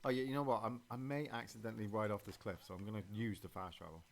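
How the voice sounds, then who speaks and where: A man's voice: lowish voice, steady tone, fast talker, gravelly. A man hosting a gameplay stream, talking casually and rambling, with many fillers and restarts. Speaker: streamer and podcast host.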